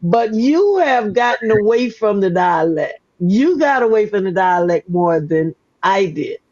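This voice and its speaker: A woman's voice: medium pitch, very animated, a little slow, a little mellow. Older woman host, Southern with Gullah Geechee traces, folksy storyteller, muffled distant mic. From Gullah Geechee region, US South. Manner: folksy storytelling, repeats words. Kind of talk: casual interview chat.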